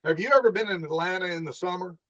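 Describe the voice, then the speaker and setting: Speaking fast in a high voice, a middle-aged man who used to be a police officer animatedly spins stories during an informal interview, voicing the characters' lines. The sound quality is dull and lo-fi.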